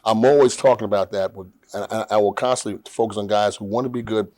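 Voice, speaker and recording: A man's voice: lowish voice, fairly even intonation, quick pace, warm tone, no echo. A man hosting an interview, prompting his guests and agreeing with them often. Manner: affirming, chimes in with "that's right". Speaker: interview host.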